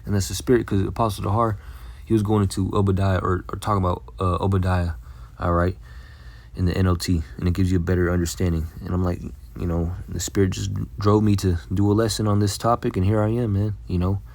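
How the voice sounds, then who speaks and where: A man giving a casual, blunt Bible lesson, swearing freely and filling every pause with "all right" and "man". He reads scripture slowly and deliberately. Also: low-pitched, little pitch movement, vocal fry, a little mellow, dry recording. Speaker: Bible teacher.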